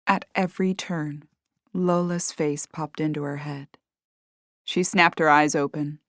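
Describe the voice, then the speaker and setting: A woman narrating a cozy mystery audiobook in a measured storytelling manner. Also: sits low, steady tone, fairly bright tone, no echo, clean studio sound. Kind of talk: scripted narration.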